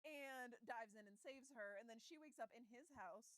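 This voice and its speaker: A woman co-hosting a podcast, retelling a story in casual chat, animated and laughing often as she acts out the quoted lines. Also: fairly high pitch, normal speed, no echo, poor audio. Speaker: podcast co-host.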